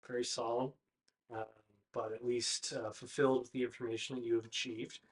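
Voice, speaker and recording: A man's voice: medium pitch, flat delivery, brisk. A man running a tabletop game as game master, narrating in a casual, hesitant way with frequent fillers.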